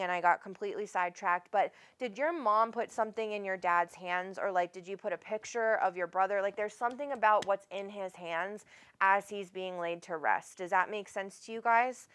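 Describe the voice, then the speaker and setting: A woman's voice: medium pitch, normal speed, fairly bright tone, smooth. A woman hosting a live psychic reading, chatty and rambling, often calling people honey. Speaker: psychic medium host.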